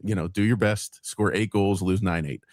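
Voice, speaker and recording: A man's voice: low-pitched, normal speed, darkish tone, dry recording, studio quality. A man hosting a podcast, joking loosely about hockey with his co-hosts. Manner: jokey, loose. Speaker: podcast host. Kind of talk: casual sports chat.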